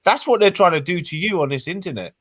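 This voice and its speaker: A man's voice: sits high, expressive, fast, fairly bright tone, no room sound. Teasing man, dry sound. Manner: teasing, chatty. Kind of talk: casual online chat.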